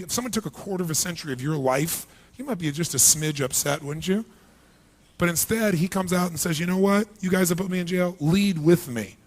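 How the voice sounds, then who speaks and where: Man, motivational seminar speaker, high gravelly voice, quizzing a big live audience. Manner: rhetorical questions to a crowd, acts out inner voices. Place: large hall with a live audience.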